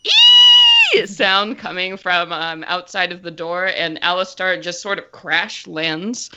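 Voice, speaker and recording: Bright-voiced woman game master. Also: fairly low pitch, steady tone, unhurried, slight background noise. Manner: descriptive, chatty storytelling with many fillers. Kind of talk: narrating a tabletop game.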